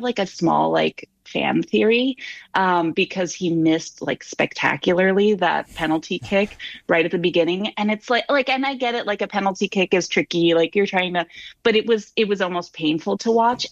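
A woman on a sports panel talks in a loose, rambling way, full of fillers and restarts. Her voice sits low and gravelly. The sound is dry and a little dull. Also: dry recording. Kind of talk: casual sports chat.

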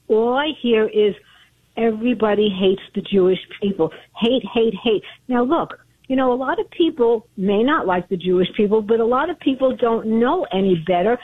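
A woman's voice: a little high, slightly rough. Chatty woman caller on a tinny phone line. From Brooklyn, New York. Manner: chatty, earnest, repetitive. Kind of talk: phone-in call.

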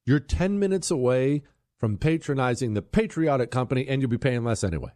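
Animated, combative male radio host. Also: mid-range voice, a little fast, no echo, studio quality. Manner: combative, emphatic, rising to loud peaks. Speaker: radio talk show host. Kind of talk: opinionated talk radio monologue and live ad read. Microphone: studio microphone.

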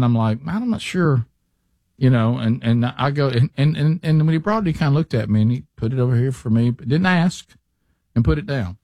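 A man's voice: mid-range voice, a little mellow, no echo. A male radio show host telling a rambling story in casual studio banter.

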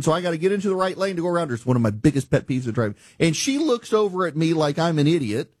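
A man hosting a talk show, telling a driving story in an exasperated, animated rant. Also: fairly high pitch, quick pace, few pauses, husky, dry recording, clean studio sound. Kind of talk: ranting monologue.

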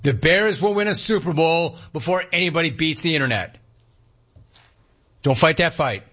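A man's voice: fairly high pitch, lively intonation, normal speed, pushed and bright. A man hosting a sports talk radio show, delivering a monologue with punchy, emphatic repetition. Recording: slightly muffled radio broadcast.

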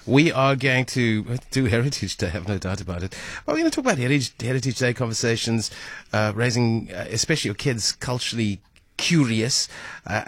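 A man's voice: mid-range voice, no echo. A man, a radio host chatting casually and running through his show lineup with plenty of fillers.

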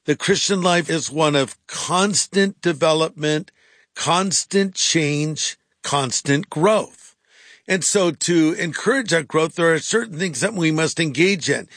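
Pastor, male, higher-pitched, earnest radio preacher, dry booth sound. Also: takes it slowly, a bit bright, no room sound. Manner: earnest, preacherly, emphatic repetition. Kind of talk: radio sermon talk.

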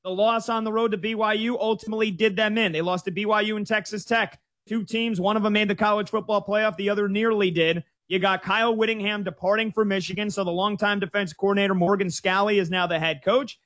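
A man with a high-pitched voice hosts a college football betting preview. He moves briskly through records, names and point spreads before passing the question to his co-host. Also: fairly even intonation, fairly bright tone. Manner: brisk, stat-heavy rundown. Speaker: sports show host. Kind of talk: sports betting preview chat.

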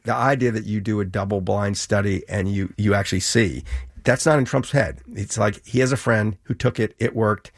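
A middle-aged author talks in an interview in a low, gravelly voice with a husky edge. He tells stories with animation, acting out the back-and-forth of conversations. The recording is close and dry. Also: normal speed, no echo. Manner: animated storyteller, acts out quoted exchanges. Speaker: author and guest.

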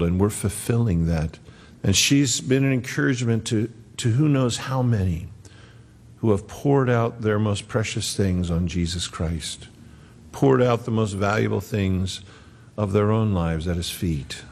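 A man's voice: lowish voice, a little slow, darkish tone. A man preaching a sermon in an earnest, conversational way, acting out the quotes he tells. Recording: long hall reverb.

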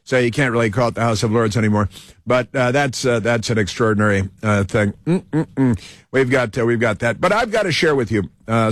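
A man's voice: mid-range voice, dry recording. Rambling male talk radio host, dry studio sound. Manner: rambling storytelling with mocking laughs. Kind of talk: casual radio monologue.

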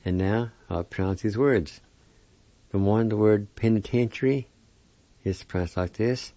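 A man leads a weekly language lesson at an unhurried pace, spelling and pronouncing each word piece by piece. His voice is dark and mellow. The recording is dry and dull, with a lo-fi sound. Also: on the low side, no echo. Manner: slow, careful syllable-by-syllable spelling and pronunciation. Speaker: language teacher.

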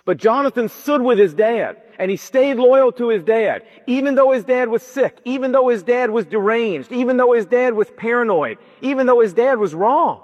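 A man's voice: extremely high pitch, expressive, normal speed, few pauses. A male pastor preaching a sermon in a church hall, telling a story emphatically and asking rhetorical questions. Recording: dull echoey hall recording.

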